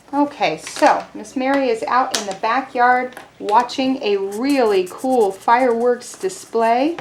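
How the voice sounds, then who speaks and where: Cheerful woman preschool teacher, clear and slow, slightly high voice, echoey room. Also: a little hiss or hum. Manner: cheerful, slow and clear, sings simple songs. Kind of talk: video lesson for young children.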